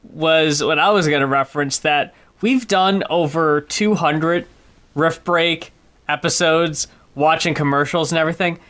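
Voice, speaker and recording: A man's voice: fairly high pitch, fairly even intonation, a little slow, a bit bright. A man co-hosting a podcast, chatting about an album in an easygoing, thoughtful way. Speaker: podcast co-host. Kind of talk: casual album review chat.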